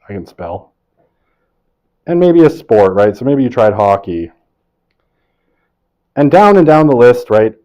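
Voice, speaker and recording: A man in his forties lecturing a university class in a relaxed, conversational way, with a voice of middling pitch. He keeps checking in with the room by asking "right?" and drops self-deprecating asides between points. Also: poor audio.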